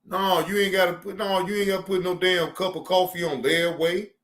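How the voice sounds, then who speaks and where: A man streaming, riffing in a loose, profane rant with a ring. His voice sits a little high, and he circles back over the same lines for emphasis. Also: a little fast. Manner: animated, profane, repeats himself for emphasis. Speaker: streamer reacting to news.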